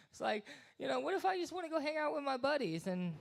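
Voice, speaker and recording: A man's voice: extremely high pitch, big pitch swings, normal speed, gravelly. A man in his thirties works through an open-mic stand-up set. He rambles, mocks himself and slips into silly voices for the characters in his jokes. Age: 30s. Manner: rambling, self-deprecating, acts out voices. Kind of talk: stand-up comedy. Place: small live venue.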